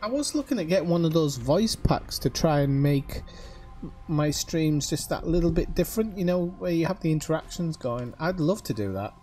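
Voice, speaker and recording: A man's voice: fairly high pitch, lively intonation, moderate pace, darkish tone, soft background music. A man chatting casually to his viewers while streaming a video game. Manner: chatty, talks straight to viewers. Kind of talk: casual live-stream chat while playing.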